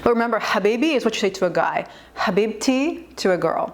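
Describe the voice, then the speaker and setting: A young woman hosting a reaction video, explaining words in a chatty way with quick asides. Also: mid-range voice, lively intonation, slight background noise. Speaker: host, Arabic linguist. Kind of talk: reaction commentary.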